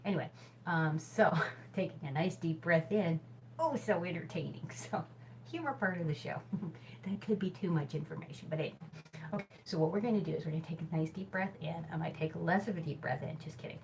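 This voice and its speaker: In a casual instructional video, a woman with a fairly low, slightly mellow voice talks fast as she demonstrates hula hoop exercises, chatty and giggly, poking fun at herself and using many fillers. She's a hoop fitness instructor filming in a small temporary office by a back door. The recording is rough, with slight background noise from a camera mic that moves as she hoops.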